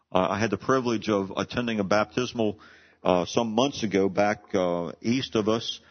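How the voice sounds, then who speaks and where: Low-voiced man preaching a sermon. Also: muffled recording. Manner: earnest preaching, reads scripture aloud with rising emphasis. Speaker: pastor.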